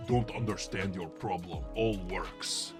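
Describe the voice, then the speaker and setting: A man putting on a Russian accent to voice a blunt male scammer who speaks broken English in short, flat replies. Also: sits low, measured pace, over music, pitched below the performer's own voice. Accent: put-on Russian.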